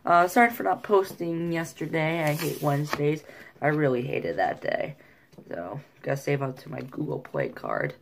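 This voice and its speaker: A woman talking casually in a vlog, hesitant and filling pauses with ums, a little self-deprecating. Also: low-pitched, animated, vocal fry, a little hiss or hum. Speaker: vlogger.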